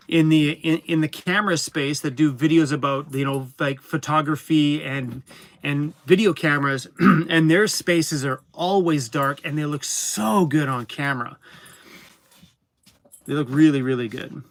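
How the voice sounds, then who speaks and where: A man's voice: on the high side, a bit bright, no echo. A man chatting casually in a vlog, rambling a bit and repeating words. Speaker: vlogger. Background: a dog in the room.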